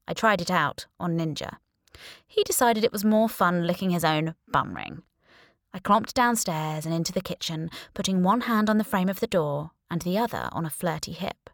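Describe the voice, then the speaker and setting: A woman narrating a first-person audiobook in a wry, lively storytelling manner, close to the mic. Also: fairly low pitch, normal speed, dry recording.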